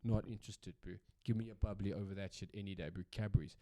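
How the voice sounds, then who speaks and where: A South African man hosts a solo podcast, ranting in a casual, rambling way, swearing freely and repeating himself for emphasis. His voice is lowish and dark, steady in tone, and he talks fast. There's no echo.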